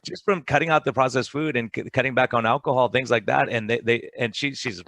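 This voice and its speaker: Man, podcast co-host, rapid-fire excited talk, dry close sound. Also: medium pitch, no room sound. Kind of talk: conversational podcast interview.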